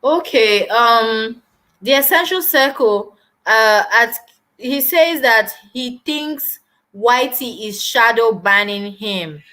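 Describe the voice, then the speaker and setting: A woman's voice: a little high, expressive, slow, sharp tone. A young woman hosting a live stream, chatting casually and animatedly while answering viewer comments.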